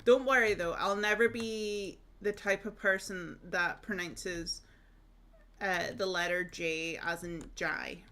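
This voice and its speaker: A young Aberdonian woman from northeast Scotland chats casually while streaming a game, wandering through stories as she plays. Her voice is lowish, steady, and bright, with a forceful tone, and she takes her time speaking.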